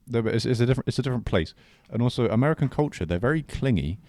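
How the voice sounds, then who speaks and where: A man's voice: medium pitch, expressive, rapid-fire, darkish tone, dry recording. A young man co-hosting a casual podcast chat, rambling and hesitant, often trailing off mid-thought. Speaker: podcast co-host.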